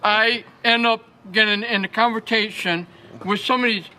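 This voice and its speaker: Worked-up guy from upstate new york ranting, really high sharp voice. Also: steady tone, normal speed. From Schenectady, New York. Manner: agitated, repetitive, ranting, rising to shouts. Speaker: interviewee at city hall. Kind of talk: heated street interview rant.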